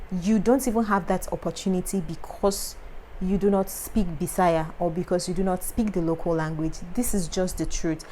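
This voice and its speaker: A woman's voice: lowish voice, warm tone, slight background noise, rough recording. A young woman with a Nigerian accent, a foreign medical student speaking to camera and passionately repeating her key points of advice. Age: young adult.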